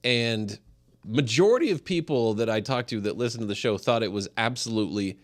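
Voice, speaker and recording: A man's voice: medium pitch, lively intonation, fairly quick. A man from Colorado, a podcast co-host, telling a story in casual chat and laughing often.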